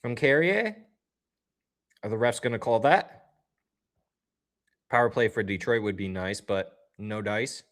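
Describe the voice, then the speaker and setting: A man in the middle of a casual live game watch-along, chatting to his viewers between plays. His delivery is upbeat and loose, and he jumps up loudly when something happens on the ice. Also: lowish voice, a little slow, long pauses. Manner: talks straight to chat viewers. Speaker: livestream host.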